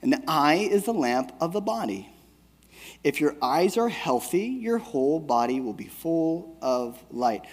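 A man's voice: on the high side, big pitch swings, unhurried. A man in his thirties preaching a sermon in a casual, conversational way, often checking in with "right?" and telling a family story. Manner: conversational, keeps asking "right?". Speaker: pastor. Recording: long hall reverb.

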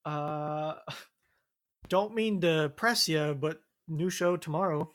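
Young male co-host, fairly high voice, easygoing, quick to laugh. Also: fairly bright tone. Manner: easygoing, laughs often, agreeable. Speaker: podcast co-host. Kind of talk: casual chat.

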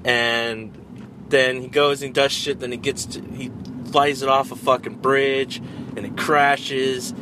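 A man's voice: medium pitch, slow pace. Guy ranting about an action movie in a car, swears a ton, road noise behind him. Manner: profane, animated retelling. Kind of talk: casual movie chat.

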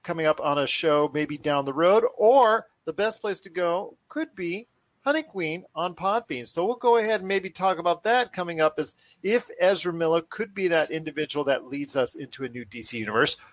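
A man's voice: a little high, lively intonation, normal speed, no room sound. A man hosting a casual pop culture podcast, talking enthusiastically with repetitive, rambling phrasing. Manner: enthusiastic, repetitive phrasing, addresses guest as my friend. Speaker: podcast host.

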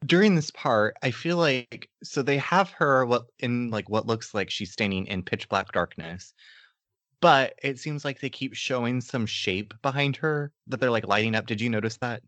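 A man's voice: medium pitch, normal speed, fairly bright tone, no echo. Dry, jokey male podcast co-host. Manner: jokey, laughs often. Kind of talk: casual chat reviewing a documentary. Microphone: remote call.

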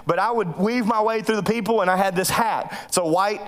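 A male pastor, telling a personal story in a sermon, animated and joking, with bursts of loud voices. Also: high voice, fairly quick. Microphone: microphone.

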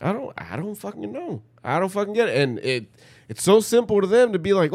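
A man's voice: high voice, sing-song, a little fast, a little mellow, slightly rough, dry recording. A man telling a heated, profane story in casual chat, acting out what others said.

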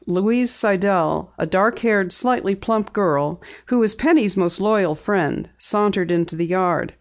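A woman narrating a vintage girls' mystery novel in a measured audiobook reading. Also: on the low side. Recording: dull lo-fi audiobook recording.

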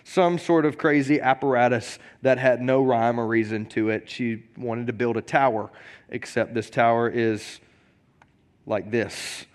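A man, a pastor, preaching a sermon in a casual, joking way, often repeating words, and reading scripture slowly. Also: medium pitch, fairly even intonation. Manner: reads scripture slowly and deliberately.

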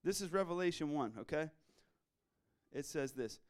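A middle-aged man preaches a sermon in a church, casual and slangy, full of energy as he addresses the congregation. His voice sits somewhat high for a man and rings out smooth and resonant. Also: animated, normal speed, pauses often. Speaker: pastor.

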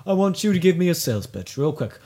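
A man's voice: fairly high pitch, sing-song, fast talker, warm tone. A man playing a mock job interviewer in an improvised comedy sketch, flustered and stammering. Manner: flustered, stammering, breaks into laughter.

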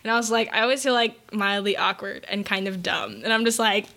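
A woman's voice: mid-range voice, expressive, a little fast, sharp tone. A young woman with an American accent, co-hosting a podcast in casual, rambling, self-deprecating chat full of fillers. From United States. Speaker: podcast co-host.

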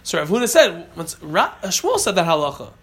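A man's voice: high voice, sing-song, normal speed, fairly bright tone. A man teaching a Talmud class, reading Aramaic phrases and then explaining them plainly, often catching and correcting himself.

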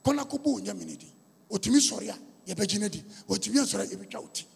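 A man's voice: sits high, animated, very fast, creaky, breathy edge. A man with a Ghanaian accent preaching a storytelling sermon, with a repetitive, emphatic cadence. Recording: long reverb of a large hall.

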